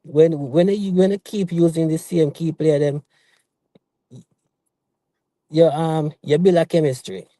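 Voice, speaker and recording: A man with a Jamaican accent calling in to a football show, talking haltingly and repeating words as he looks for them. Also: fairly high pitch, fairly even intonation, warm tone, dry recording. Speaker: caller. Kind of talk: casual call-in opinion.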